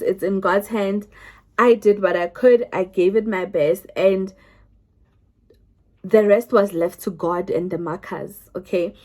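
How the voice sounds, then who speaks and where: Chatty South African woman vlogger. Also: medium pitch. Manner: chatty, restarts often, lively retelling. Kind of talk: casual storytelling to camera.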